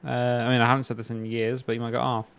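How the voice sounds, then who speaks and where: An English man talking casually during a game stream, wandering from story to story. He fills pauses with frequent "uh"s and restarts, keeping a loose, chatty flow. His pitch sits in an ordinary middle range. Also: completely flat delivery, clean tone. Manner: rambling, anecdotal, many fillers. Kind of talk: casual chat while gaming.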